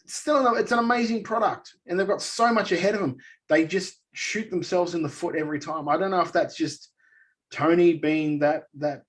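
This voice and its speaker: A man co-hosting a wrestling podcast, ranting in an animated, exasperated way during casual chat. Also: sits high, moderate pace. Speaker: podcast co-host.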